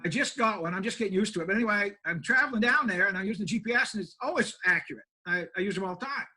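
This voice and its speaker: Older man, country pastor, folksy plainspoken storyteller, self-deprecating, high-pitched, bright tone. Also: expressive, racing, husky, poor audio. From Maine, USA. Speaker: pastor and homeless shelter director.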